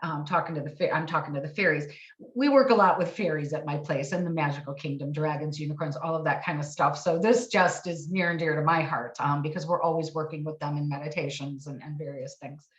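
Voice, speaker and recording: A woman hypnosis practitioner gently and affirmingly recounting a past session. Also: sits low, steady tone, fairly quick. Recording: roomy, distant, dull lo-fi sound.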